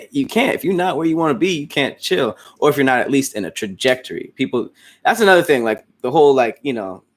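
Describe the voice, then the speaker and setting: A man hosting a casual stream, chatting with his fans in a loose, rambling way, with frequent restarts and casual swearing. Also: medium pitch. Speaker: host. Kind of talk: casual livestream chat answering fans.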